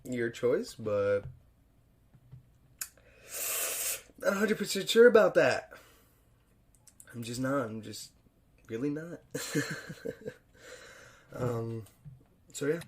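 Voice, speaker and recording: A young man hosting a podcast, reviewing a film alone in a loose, profane, chuckling way and jumping louder for emphasis. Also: medium pitch. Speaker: podcast host. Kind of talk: casual solo film review.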